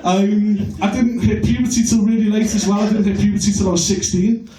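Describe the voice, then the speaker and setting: A man from Birkenhead doing a stand-up set, crude and self-mocking with a deadpan delivery. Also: sits high, brisk. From Birkenhead, England. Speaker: stand-up comedian. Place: comedy club stage. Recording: echoey club, recorded from far off.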